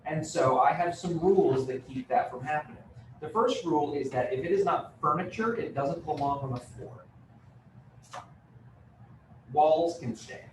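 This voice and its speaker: A man's voice: a little high, moderate pace. A man giving a live real estate training talk, conversational and joking, with many fillers. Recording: roomy, distant mic with room noise.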